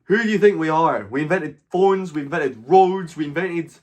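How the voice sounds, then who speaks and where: A man's voice: a little high, moderate pace. A man with a Scottish accent hosting a live stream, bantering crudely with strangers and swearing freely. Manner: crude, swears freely, loud mocking outbursts.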